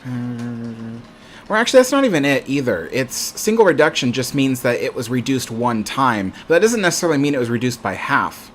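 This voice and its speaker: A man's voice: mid-range voice, very animated, brisk, fairly bright tone, a little hiss or hum. A man hosting a live stream, chatting casually and reading viewer comments aloud with frequent ums. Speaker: livestream host.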